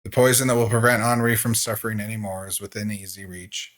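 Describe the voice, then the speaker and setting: A man with a lowish voice reads a game's story text aloud. His delivery is slow and measured, like a gaming host narrating for viewers. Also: steady tone, a bit bright.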